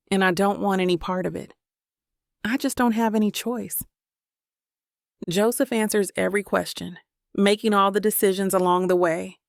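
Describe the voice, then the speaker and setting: A woman's voice: medium pitch, gravelly, no room sound, studio quality. A woman narrating a romance audiobook in the first person, in an earnest, emotional way.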